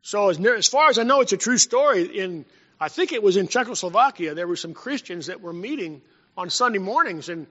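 A man preaching a sermon as pastor, telling stories and swinging between loud and hushed. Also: high-pitched, lively intonation, brisk. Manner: storytelling preacher, rising and dropping in volume. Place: church sanctuary. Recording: dull sound in a long-reverb hall.

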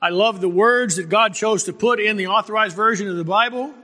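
High, bright-voiced preacher man in a reverberant hall. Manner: preaching with calls of amen and slow emphatic stresses. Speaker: pastor. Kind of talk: sermon.

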